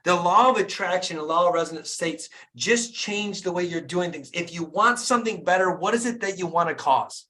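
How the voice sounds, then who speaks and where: A middle-aged man hosts a group video call in a high, bright, forceful voice. He preaches in a fired-up way and drives his points home by repeating phrases. The sound comes through a call connection. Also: normal speed, few pauses. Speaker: dentist and business coach hosting a group call.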